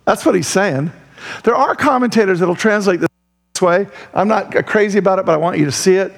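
A male pastor preaching a sermon in a conversational, animated way who laughs often. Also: high voice, moderate pace, gravelly.

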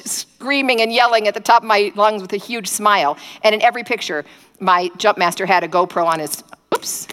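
A woman preaching a sermon, telling stories in an animated way and acting out prayers in quoted voices. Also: medium pitch, in a large hall. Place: indoor gathering space.

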